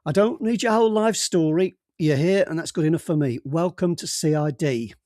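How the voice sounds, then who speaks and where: A brusque, jovial middle-aged police boss, voiced by a man in an audiobook, booming out orders and brushing aside interruptions. His voice sits fairly high and is raised well above plain talk. The sound is dry and close. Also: moderate pace, no room sound, natural voice. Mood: bluff, bossy. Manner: loud, bluff and bossy, cuts others off. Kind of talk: audiobook character voice.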